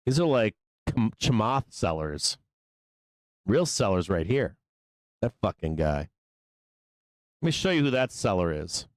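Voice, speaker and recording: A man hosting a live stock market show, talking through trades in a loose, profane, excitable way. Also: fairly low pitch, unhurried, long pauses, dry recording. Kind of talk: live trading commentary.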